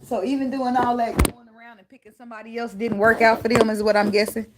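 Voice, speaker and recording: A tarot reader at home, her daughter close by, speaks quickly in a slightly high voice with little pitch movement, over some background noise. Her casual reading is blunt and full of profanity, punctuated by laughter and snatches of song.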